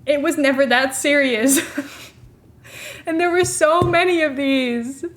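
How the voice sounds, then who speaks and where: A woman's voice: high-pitched, takes it slowly. A young woman streamer chatting casually, giggling often and poking fun at herself. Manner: giggly, self-mocking, chatty. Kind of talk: casual live-stream commentary.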